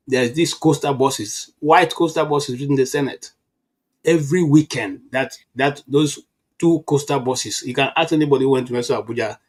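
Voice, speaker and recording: A Nigerian man in his fifties holds forth in a casual political chat. His voice is husky and sits at an ordinary pitch, and he tells his stories with animated restarts. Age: 50s. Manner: animated storytelling with frequent restarts.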